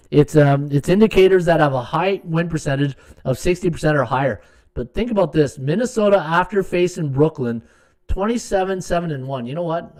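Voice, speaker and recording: Slightly higher-pitched male podcast host, rambling and chatty, full of fillers, mutters while checking stats. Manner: rambling, thinks aloud with many fillers and restarts. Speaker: sports betting podcast host. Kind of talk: live-stream sports betting talk.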